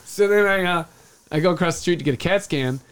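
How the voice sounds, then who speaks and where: Guy on a podcast telling a wild story, gets loud doing everyone's lines. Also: high voice, fast talker, clean tone. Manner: animated storyteller, acts out quotes loudly. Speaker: podcast host. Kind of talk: casual chat, storytelling.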